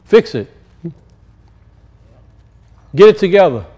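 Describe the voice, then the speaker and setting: A man preaching a sermon and telling stories, swinging from loud high peaks to low muttered asides. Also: sing-song, slow, husky, lo-fi sound. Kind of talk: sermon with storytelling.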